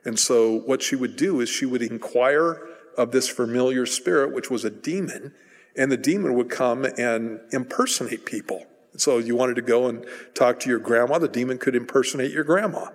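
A man's voice: medium pitch, moderate pace. A man preaching a sermon in a casual, conversational way, retelling a story and briefly acting out its voices. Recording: hall reverb.

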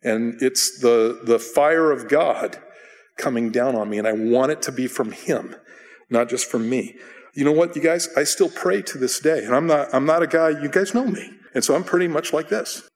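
Middle-aged man, pastor, casual self-mocking sermon, average pitch, long hall reverb. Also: normal speed. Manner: conversational, self-deprecating, with bursts of acted shouting.

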